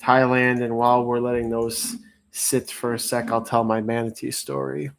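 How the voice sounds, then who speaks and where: A man's voice: mid-range voice, steady tone, normal speed, slight background noise. Chatty man hosting a live bug auction. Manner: rambling, chatty storytelling with many fillers; reads out chat messages and calls bids. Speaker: livestream auction host. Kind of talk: casual livestream chat and auctioneering.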